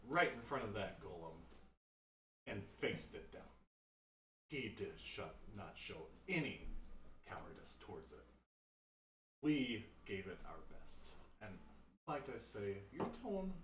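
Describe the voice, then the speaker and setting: A bold adventurer speaks up for his group in earnest, formal phrasing, as a man plays him. The pitch swings widely as he talks at a slow pace. He sounds far from the mic in a roomy space with faint background sound. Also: a little hiss or hum.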